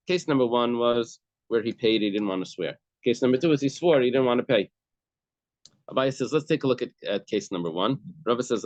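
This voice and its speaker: A man's voice: lowish voice, no echo. A man teaching a Talmud class, explaining each case step by step and repeating key phrases. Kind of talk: daf yomi class explanation. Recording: dull, dry lo-fi recording.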